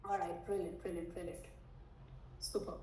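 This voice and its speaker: A woman teaching a live online sales training, high-energy and animated, checking in with her audience often. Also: moderate pace, slight background noise. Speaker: sales coach. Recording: echoey room, mic at a distance.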